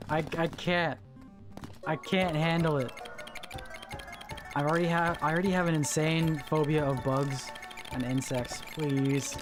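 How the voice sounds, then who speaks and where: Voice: medium pitch, fairly even intonation, a little slow. A live streamer chatting casually with viewers while gaming, groaning and pleading in a loose, slangy way with many repeats. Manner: squeamish, pleading and groaning at chat. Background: music.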